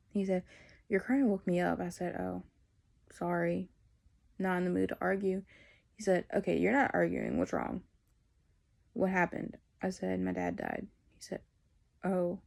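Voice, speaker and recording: A woman's voice: fairly low pitch, unhurried, vocal fry, darkish tone. A teenage woman, telling a personal story in a candid, rambling way. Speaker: vlogger.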